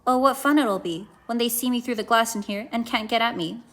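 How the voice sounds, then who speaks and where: A woman's voice: a little high, fairly quick, fairly bright tone, voice pushed up, natural voice. A woman voicing Alice, a curious and polite little girl, in a children's storybook reading. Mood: wondering.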